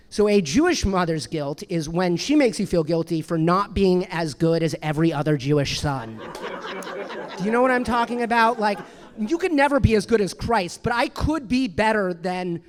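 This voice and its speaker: Here a man in his thirties delivers a stand-up set onstage at a club, his pitch high. The bit wanders and turns self-mocking, peppered with fillers and many fresh starts.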